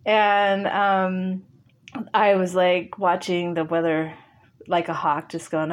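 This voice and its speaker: A woman speaks as an interview guest, telling a personal story in a relaxed, chatty way. She laughs often and acts out remembered conversations as she goes. Her voice sits at a middle pitch for a woman. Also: moderate pace. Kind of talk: casual storytelling.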